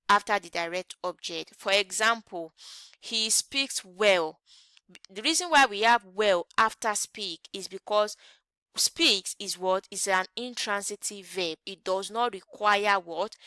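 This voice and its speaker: Bright, clear woman teaching grammar. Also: mid-range voice, dry recording. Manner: asks the class rhetorical "what?" questions and answers them; repeats example sentences slowly. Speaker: English teacher. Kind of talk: grammar lesson.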